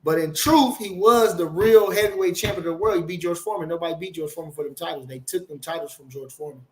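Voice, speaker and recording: A man with a high-set voice talks boxing on his own live stream. He rambles, swears freely and presses his points hard, stopping now and then to read viewer comments aloud. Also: fast, a little mellow, slight background noise. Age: older. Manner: swearing, rambling, emphatic, reads chat aloud. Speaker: boxing channel host.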